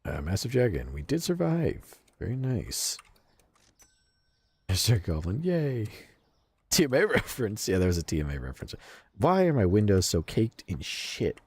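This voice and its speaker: A man's voice: lowish voice, wildly swooping pitch, normal speed, darkish tone, husky, no echo. A man streaming a game and casually chatting with his viewers, swearing freely and laughing often. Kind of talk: casual game livestream chat, reading chat aloud.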